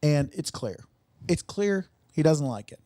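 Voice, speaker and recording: A man's voice: fairly high pitch, very animated, measured pace, dark tone, no echo, studio quality. A man chatting casually on a comedy podcast, telling an exasperated story in a ranting way.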